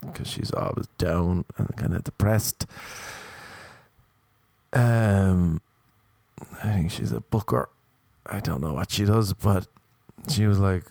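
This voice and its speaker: A man's voice: fairly low pitch, creaky, dark tone, dry recording. A young Irish man telling a rambling comic story, ranting with exasperation and swearing. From Ireland. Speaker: stand-up comedian.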